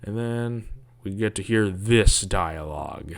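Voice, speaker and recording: A man's voice: lowish voice, creaky, dry recording. A man giving casual, rambling commentary on a video, sarcastic and grumbling, with mocking asides.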